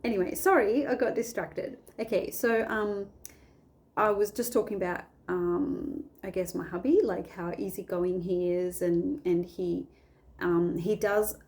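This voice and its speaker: A woman's voice: on the low side, fairly even intonation, unhurried, darkish tone. A woman chatting casually at home about a Bible story, rambling and restarting her sentences often. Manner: rambling, self-interrupting, many restarts. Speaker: faith vlogger.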